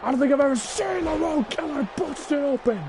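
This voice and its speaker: A man calling a wrestling video game match play-by-play, excitable and often shouting. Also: very high voice, a little fast, noisy background. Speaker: gaming channel host.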